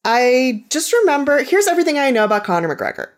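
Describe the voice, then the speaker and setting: A woman podcast co-host whose pitch moves up and down a lot as she talks. She keeps it dry, blunt and joking in easy chat. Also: very animated, fast. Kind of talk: casual chat.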